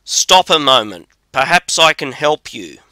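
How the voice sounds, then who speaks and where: A fearless young drummer from a storybook, boastful and sure of himself. A man reads him out in an unhurried, crisp, bright voice with a dry, close sound. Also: a little high, very animated, no echo, heavily acted.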